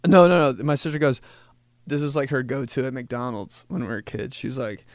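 A man hosting a podcast, joking through a rambling casual monologue and slipping into quick voices for people. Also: medium pitch, no echo, clean studio sound. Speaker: podcast host.

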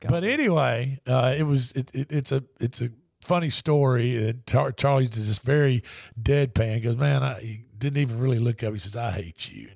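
A man's voice: medium pitch, normal speed, creaky, a little mellow, no room sound, clean studio sound. A man hosting a sports radio show, telling stories in a rambling, easygoing way. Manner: rambling storyteller with restarts. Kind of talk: casual sports talk.

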